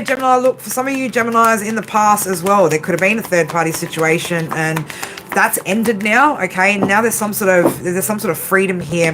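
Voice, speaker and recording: A woman with a fairly low voice gives a casual, tired late-night tarot reading. She talks loosely, swears without a second thought and keeps checking in with "right?". A steady hiss of noise sits under the recording. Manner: chatty, swears freely, ends phrases with "right?". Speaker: tarot reader.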